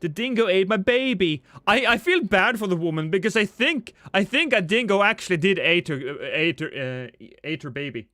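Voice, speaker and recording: A man's voice: high-pitched, big pitch swings, normal speed, pushed and bright, dry recording, studio quality. A man streaming a game live, chatting with viewers in a rambling, joking, self-deprecating way.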